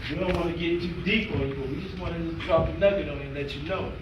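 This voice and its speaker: A man's voice: on the high side, fast. A man working as a youth mentor, giving a conversational, plain-spoken motivational talk to a group. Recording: echoey room, mic far off, faint noise.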